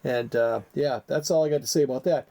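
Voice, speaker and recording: A man's voice: mid-range voice, fairly quick, vocal fry, dark tone, a little hiss or hum. A man co-hosting a comedy podcast, chatting casually with a joking, rambling, teasing manner. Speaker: podcast co-host.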